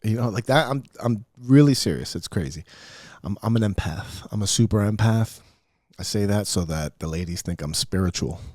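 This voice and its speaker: A man's voice: fairly low pitch, animated, moderate pace, darkish tone, no room sound, clean studio sound. A middle-aged man hosting a podcast, rambling through a profane, self-mocking solo rant. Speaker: podcast host. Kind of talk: casual solo podcast monologue.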